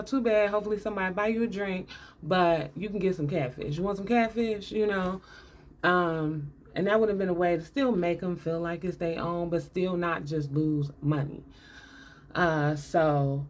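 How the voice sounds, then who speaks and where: A woman giving a casual, sarcastic movie breakdown, laughing often and talking in loose, colloquial speech. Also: mid-range voice. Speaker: movie commentator.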